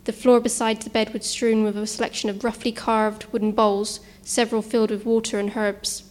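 A woman narrating a suspense story in a measured, tense manner. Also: a little high, level tone, darkish tone.

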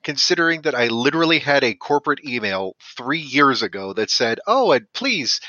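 A man playing in a tabletop game, asking wry, deadpan questions, on a dull lo-fi mic. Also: mid-range voice, fairly quick, no echo. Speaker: player. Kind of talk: tabletop role-play chat.

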